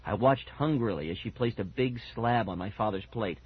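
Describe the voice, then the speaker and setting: A man narrating a children's storybook with a lively, expressive reading. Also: on the low side, moderate pace, slightly rough. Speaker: audiobook narrator. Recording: dull lo-fi recording.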